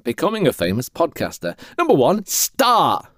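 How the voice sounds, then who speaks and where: Podcast host, man; rambling comic delivery, very animated, slightly high. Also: normal speed, dry recording, clean studio sound. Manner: rambling, animated, swings between loud and mumbled. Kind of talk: comic monologue.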